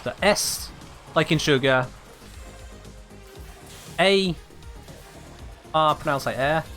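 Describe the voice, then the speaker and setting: A man's voice: fairly high pitch, slow pace. A man streaming a video game live, chatting casually and musing aloud to his viewers about how to pronounce a name. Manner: chatty, muses aloud, keeps asking viewers about a pronunciation. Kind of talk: casual live-stream chat while gaming. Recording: game music loud behind the voice. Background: game music.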